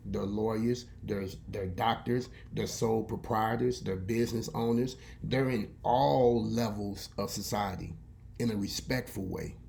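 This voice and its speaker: A man as vlogger and radio host giving a preachy, folksy monologue and telling a story with animated, folksy flair. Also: lowish voice, vocal fry, a little hiss or hum.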